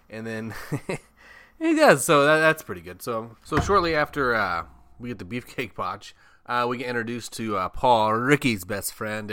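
A man's voice: fairly low pitch, sharp tone. A man hosting a casual movie review, rambling, swearing a lot and laughing often. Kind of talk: casual chat.

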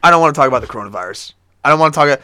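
Bright-voiced casual podcast guy. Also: a little high, animated, racing. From Florida. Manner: rambling, swears a lot, restarts often. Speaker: podcast co-host. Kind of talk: casual chat.

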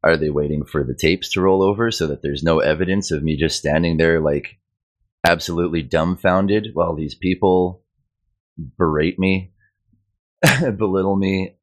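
A man's voice: low-pitched, normal speed. A Canadian man in his thirties telling a personal story in an agitated, exasperated way, mimicking the people he quotes. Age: 30s. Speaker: community hangout participant.

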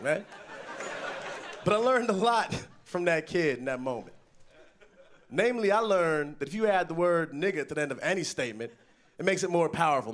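Young guy doing standup, high voice, animated storytelling, faint stage noise. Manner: animated storytelling, bursts into loud yelled impressions. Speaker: stand-up comedian. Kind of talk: stand-up set. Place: comedy festival stage.

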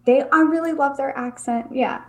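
Casual young woman musing on a spiritual podcast, earnest, kinda high voice. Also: normal speed, fairly bright tone. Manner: earnest, reflective, with frequent fillers. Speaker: podcast co-host.

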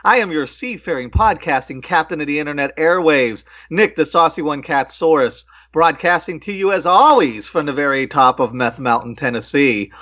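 A man's voice: fairly high pitch, lively intonation, normal speed, few pauses, fairly bright tone, dull audio. A man hosting a podcast, jokey and hammy as he introduces the show and guests. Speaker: podcast host.

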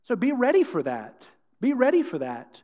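A man delivers an energetic sermon with strong emphasis, acting out what people say. His voice sits high, and the sound is a little dull. A long reverb trails his words through the hall. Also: normal speed. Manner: energetic, emphatic preaching with acted-out quotes. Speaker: pastor.

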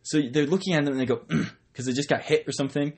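A young man with a husky, slightly breathy voice talks loudly and rambles through a casual podcast chat. He laughs easily and is recorded on a tablet's built-in microphone. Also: a little high, quick pace. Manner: loud, giggly, rambling. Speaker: podcast co-host. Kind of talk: casual banter.

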